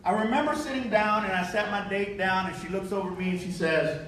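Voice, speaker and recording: A man from Texas delivers a motivational keynote with an unusually high voice. He tells his story with energy and acts out the dialogue. The sound is picked up from far off in a very echoey event hall with a faint hum underneath. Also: fast talker. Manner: animated storyteller acting out dialogue with laughs. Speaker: keynote speaker. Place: large hotel event hall.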